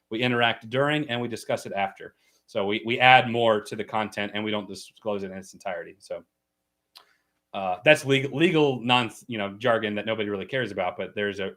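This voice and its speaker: A man's voice: lowish voice, fairly bright tone. Talkative American man hosting a livestream. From United States. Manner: chatty, explains at length with many fillers and restarts. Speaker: livestream host. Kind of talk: casual livestream chat.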